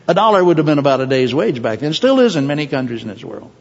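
A male preacher gives an animated sermon full of quick asides and self-aware jokes. The sound is muffled and rings with a long echo. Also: a little high. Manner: animated, digressive, joking asides. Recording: dull sound with long hall reverb.

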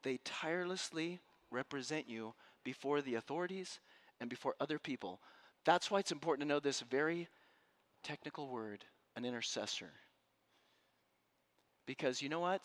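A man preaching a sermon to a room and listeners at home, telling a story with passion and dropping from loud to hushed. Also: medium pitch, expressive, moderate pace. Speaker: pastor. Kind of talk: sermon to a live congregation. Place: room with an audience.

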